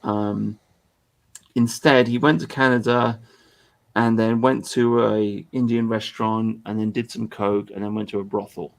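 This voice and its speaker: A man's voice: lowish voice, little pitch movement, unhurried, creaky. A man hosting a podcast, ranting in crude, exasperated casual talk. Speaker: podcast host. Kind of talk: casual profane commentary.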